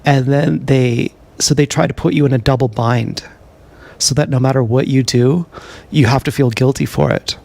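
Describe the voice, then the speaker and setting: A man's voice: mid-range voice, steady tone, normal speed, gravelly, darkish tone, dry recording. A man talking casually on a live stream from an action camera, meandering and self-deprecating with frequent hesitations. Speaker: vlogger. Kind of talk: rambling live-stream monologue. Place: outdoors or on the move, GoPro. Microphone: action camera mic.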